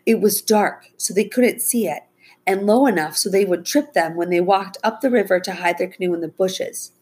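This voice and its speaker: A woman's voice: medium pitch, moderate pace, darkish tone, breathy edge, pitched above the performer's own voice, natural voice. A woman voicing an eager young boy who proudly explains a plan in a read-aloud story. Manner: eager, boastful.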